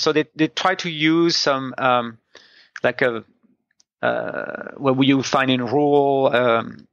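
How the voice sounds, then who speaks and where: A man's voice: medium pitch, fairly even intonation, slow pace, gravelly, a bit bright, no echo. A man from France, a native French speaker, co-hosting a casual comics review podcast and explaining points thoughtfully, with many restarts. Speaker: podcast co-host. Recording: dull, dry sound.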